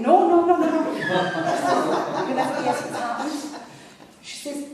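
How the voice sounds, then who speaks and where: A woman's voice: high-pitched, lively intonation, unhurried. A woman telling comic stories at a live event, chatty and digressive, laughing at her own lines. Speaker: storyteller at a live comedy night. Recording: echoey hall, distant mic, faint noise.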